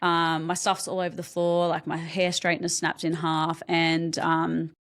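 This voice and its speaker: A young adult woman speaking as a podcast guest, telling her own story in a lowish voice. She talks candidly and haltingly, stopping to restart her sentences and filling pauses with ums. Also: completely flat delivery, fairly bright tone. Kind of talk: personal story told in an interview.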